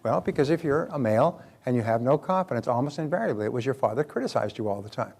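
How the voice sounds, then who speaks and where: A man's voice: medium pitch, lively intonation, fast talker, creaky, a little mellow, husky. An older man giving a motivational seminar talk who often repeats and restarts words and acts out the voices he quotes. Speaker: motivational speaker.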